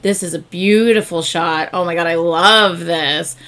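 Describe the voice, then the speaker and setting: A woman hosting a reaction video, chatting casually and gushing excitedly with lots of fillers. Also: fairly low pitch, measured pace.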